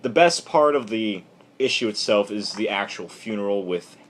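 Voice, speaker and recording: A man casually recapping a comic book issue on camera in a rambling, irreverent, animated way. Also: lowish voice, normal speed, a little hiss or hum.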